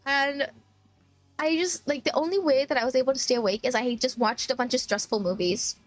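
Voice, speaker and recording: A woman from Texas, streaming and telling an animated, swear-filled travel story with laughs. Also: high-pitched, a little fast, no room sound, soft background music. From Texas, USA. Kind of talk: casual storytelling chat.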